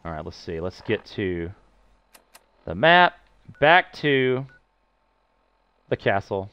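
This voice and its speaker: A man's voice: on the low side, sing-song, slow pace, clear, resonant tone, no room sound, lo-fi sound. A man casually commenting while he streams a game, chatting playfully and answering his viewers. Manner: chatty, playful, reading chat aloud. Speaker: gameplay streamer.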